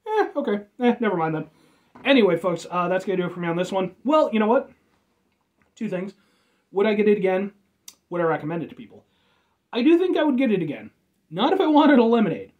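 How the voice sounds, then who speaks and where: An American man reviews a soda in a loose, rambling vlog, cracking jokes and dropping the odd swear. His pitch swings widely, rising high and dropping low as he talks. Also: big pitch swings, quick pace, pauses often, highs cut off. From United States. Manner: rambling, jokey, swears casually. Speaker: food and drink reviewer.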